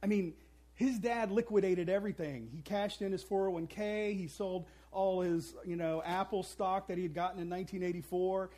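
A man's voice: sits high, fairly even intonation, normal speed, warm tone. A man preaching a sermon, telling a story with playful asides and acting out the characters' voices. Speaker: pastor.

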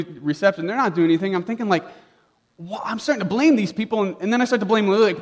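Young man, pastor, casual sermon story, chatty, says "like" a lot, slightly high voice. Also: quick pace. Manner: casual, chatty, lots of "like", acting out dialogue. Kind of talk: sermon told as a personal story.

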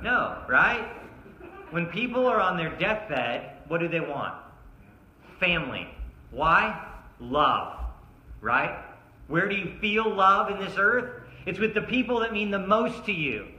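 A man's voice: high voice, very animated, slow, long pauses, sharp tone, slight background noise. A man preaching a sermon at a church service, emphatic and asking his listeners one rhetorical question after another. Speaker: pastor. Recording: roomy echo.

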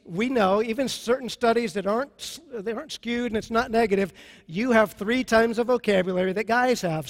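A man with a high voice preaches to a congregation, pressing his points with emphasis and slow repetition. His voice rings out in a large hall with a long reverb tail. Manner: emphatic, repeats key phrases slowly. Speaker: pastor. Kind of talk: sermon on marriage.

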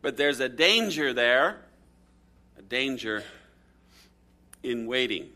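Bright-voiced man preaching a sermon. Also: lively intonation, takes it slowly. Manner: storytelling with dramatic swings in pitch and volume. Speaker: pastor.

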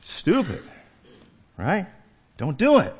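A middle-aged man preaching a sermon as a pastor, swinging from hushed, slow phrases to emphatic, excited ones. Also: sits high, slightly rough.

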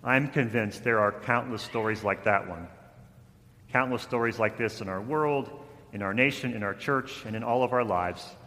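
A man preaching a sermon, telling a story with rising intensity, then softening toward a quiet close. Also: medium pitch, normal speed, big-room sound. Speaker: pastor.

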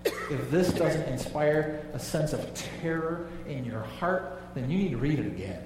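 Male pastor, slightly high voice, emphatic sermon delivery with low hushed drops; long-reverb church hall, mic at a distance. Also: expressive, unhurried, slight background noise. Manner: emphatic, drops low and quiet on key phrases.

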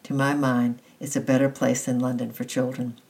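Reader voicing a brisk old housekeeper. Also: medium pitch, little pitch movement, vocal fry, a little mellow, close to an everyday voice, rough recording. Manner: brisk, plain-spoken. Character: stern kindly old housekeeper woman.

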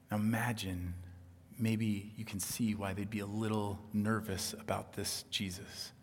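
A man preaching a sermon as pastor, earnest and emphatic, dropping to a hush on key points. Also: on the low side, flat delivery, a little slow, in a large hall.

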